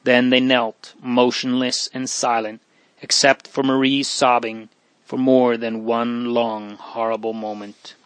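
A man reading a story aloud in a slow, measured, hushed and solemn manner. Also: mid-range voice, flat delivery, no room sound. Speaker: narrator. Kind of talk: audiobook reading.

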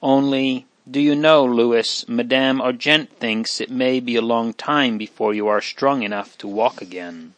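A man's voice: mid-range voice, a little slow, few pauses, fairly bright tone, dry recording, natural voice. A man reading aloud voices a teenage older brother who speaks tenderly and hesitantly.

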